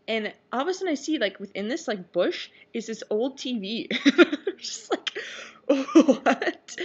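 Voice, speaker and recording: A young woman telling a rambling personal story in a casual vlog, full of fillers and little asides. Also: mid-range voice. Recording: dull lo-fi webcam audio.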